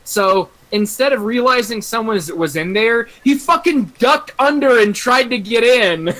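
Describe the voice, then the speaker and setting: A man's voice: very high voice, expressive, unhurried, a bit bright, poor audio. A young man on an online voice call, telling rambling stories with constant swearing and frequent laughter. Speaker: streamer's guest on voice chat. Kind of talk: casual chat.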